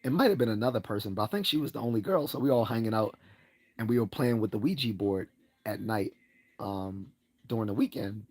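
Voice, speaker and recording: This man talks fairly quickly, his darkish voice full of lively intonation as he hosts a livestream. He rambles through a casual story about himself, laughing often and pitching up to play out the things people said.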